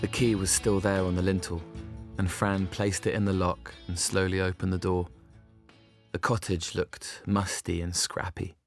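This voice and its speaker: A man narrating an audiobook in a measured, expressive reading, recorded close in a studio booth. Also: deep voice, over music.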